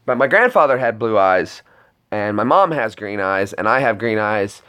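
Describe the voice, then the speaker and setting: A man's voice: fairly low pitch, lively intonation, moderate pace, sharp tone, clean tone. A man chatting casually to viewers on a live stream, rambling with lots of restarts.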